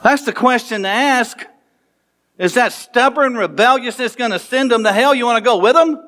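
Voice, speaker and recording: A man preaching a sermon as pastor, animated, laughing and making quick asides to the congregation. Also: extremely high pitch.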